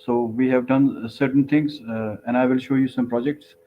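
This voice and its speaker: A man's voice: medium pitch, steady tone, normal speed. A man from Pakistan giving a remote talk over a video call, speaking hesitantly with many fillers. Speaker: guest speaker. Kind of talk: remote presentation. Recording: tinny call audio, faint noise.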